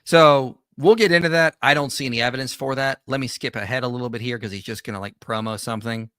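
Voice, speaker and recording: A man's voice: medium pitch, steady tone, quick pace, bright, forceful tone, clean tone, no echo, studio quality. A man hosting a livestream, giving conversational reaction commentary with frequent restarts and self-corrections. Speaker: host.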